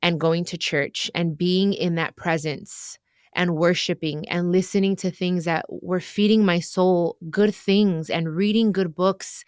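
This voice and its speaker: A woman hosts an advice podcast, speaking earnestly and with emotion to her listeners in a heartfelt chat. Her fairly low voice is recorded at studio quality with no echo.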